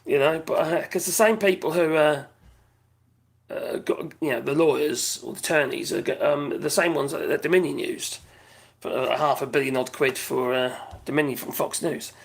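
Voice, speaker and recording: A British man hosting a live stream, chatting casually in a rambling way, reading out viewers' comments, his voice going hoarse. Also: on the high side, normal speed. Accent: British English. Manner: rambling, chatty, laughs often, reads out viewers' chat.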